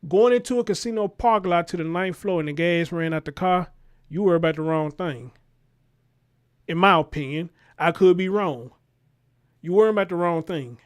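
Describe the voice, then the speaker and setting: Man, high and heated. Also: normal speed, smooth. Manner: animated, profane, fires rhetorical questions. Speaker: commentary show host. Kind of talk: reacting to a news clip.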